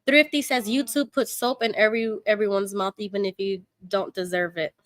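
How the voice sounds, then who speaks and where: A woman in her thirties with a New York Puerto Rican accent, hosting a casual livestream from home, chatty and quick to laugh as she reads comments aloud. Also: mid-range voice, steady tone, fairly bright tone, no room sound, clean studio sound. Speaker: livestream host.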